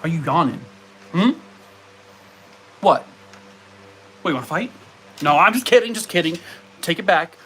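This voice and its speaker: A man's voice: a little high, animated, normal speed, pauses often, a bit bright, slight background noise. A man live streaming from home, chatting casually and playfully scolding and baby-talking his dogs. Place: home in Arizona.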